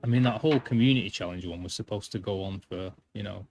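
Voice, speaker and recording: A man's voice: low-pitched, fast talker, a little mellow, soft background music. A man casually chatting to his viewers while streaming a game, chatty and self-deprecating. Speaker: gaming streamer. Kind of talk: casual live-stream commentary.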